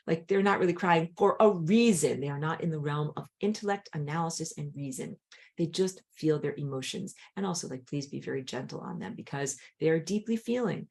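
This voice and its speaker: A woman with a dry throat teaching an online spiritual class, talking in an animated way and jumping high when she acts out a crying child. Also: fairly quick, creaky. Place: outdoors on a hot day.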